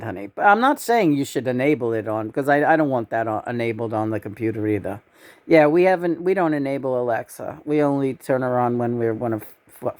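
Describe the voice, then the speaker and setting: Brief: woman vlogger, low pitch, blunt, profane, rambling casual chat. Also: a little mellow. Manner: blunt, swears freely, rambling. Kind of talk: casual spiritual vlog chat.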